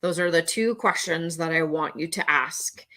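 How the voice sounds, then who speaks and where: A middle-aged woman gives a talk to the camera as a mental health educator. Her voice is bright and somewhat low-pitched. She speaks earnestly, leans on repetition, and now and then slips into a panicky voice to make a point. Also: moderate pace. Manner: earnest, repeats key phrases, acts out panicked voices.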